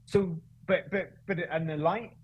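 A man's voice: fairly high pitch, fairly even intonation, measured pace, slight background noise, pitched above the performer's own voice, natural voice, poor audio. A man voicing a tough, brash young Welsh woman race director with a Welsh accent, breezy and unfazed. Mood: puzzled.

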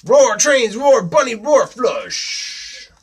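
Guy doing a little kid dino voice, roaring and shouting, bouncing all over the place. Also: very slow, slightly rough, heavily acted. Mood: excited. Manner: shouty playful roaring, high excited pitch. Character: little boy pretending to be a roaring dinosaur.

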